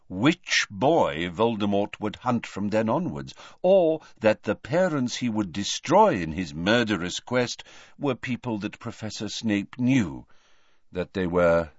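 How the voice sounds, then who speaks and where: A man reading an audiobook, voicing an old headmaster wizard who speaks in a quiet, measured, patient way, recorded dry and slightly muffled. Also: on the low side, no room sound. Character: old male headmaster wizard, calm, grave and gentle.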